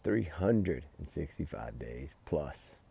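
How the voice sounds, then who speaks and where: Gravelly, heated man ranting. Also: a bass voice, sing-song, takes it slowly, dark tone. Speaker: true-crime vlogger. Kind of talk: casual commentary. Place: outdoors by a fire pit at night.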